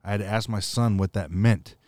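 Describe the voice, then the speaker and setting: Brief: middle-aged guy, lowish voice, dry sound, relaxed jokey chat. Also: a little fast, no room sound. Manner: laid-back, joking, profane. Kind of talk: casual chat.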